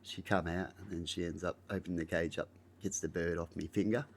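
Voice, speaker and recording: An Australian man telling casual stories to camera in a rambling way, acting out scenes with loud exclamations. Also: deep voice, fairly even intonation, brisk, very noisy. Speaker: vlogger. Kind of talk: casual storytelling.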